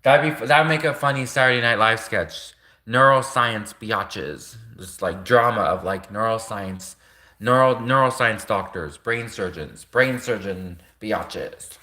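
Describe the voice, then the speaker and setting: A man's voice: fairly low pitch, a little slow, bright, forceful tone. A young man rambling through a casual livestream monologue, packing his talk with fillers and laughing often. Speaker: livestream host.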